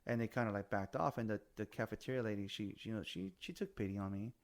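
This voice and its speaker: Animated, cussing man with low voice. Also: fast talker. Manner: animated storyteller, swears freely, mixes in Spanish. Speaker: podcast host. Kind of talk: casual chat.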